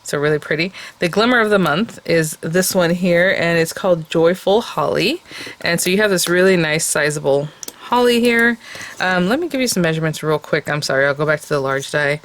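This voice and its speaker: A woman's voice: on the low side, lively intonation, brisk, a little hiss or hum. A woman hosting a craft channel, casually walking through a product unboxing, chatty and full of ums as she thinks aloud.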